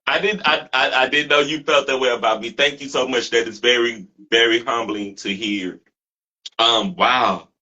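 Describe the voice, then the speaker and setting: A man's voice: mid-range voice, steady tone, normal speed, sharp tone, highs cut off. A man hosting a talk show, earnestly thanking his guest and viewers. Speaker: host. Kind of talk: casual talk show sign-off.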